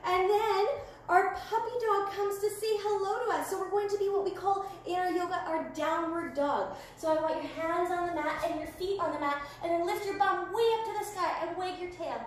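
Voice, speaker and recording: A woman teaching a family yoga class, giving gentle, playful step-by-step instructions to children. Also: very high voice, moderate pace. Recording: very echoey room, faint background noise.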